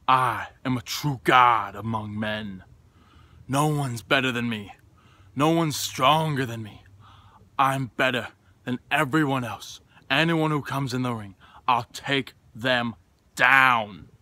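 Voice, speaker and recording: Brief: a grandiose, menacing wrestling villain, voiced by a man, slow, breathy delivery swelling into shouts. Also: medium pitch, no room sound. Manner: grandiose bragging, builds to roaring shouts. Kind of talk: wrestling promo.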